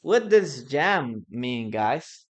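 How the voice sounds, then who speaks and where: A man teaching a live online English class, slowly repeating words and sentences so students can practice pronunciation. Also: mid-range voice, very animated. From Peru. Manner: slow, patient, repeats words for pronunciation drills.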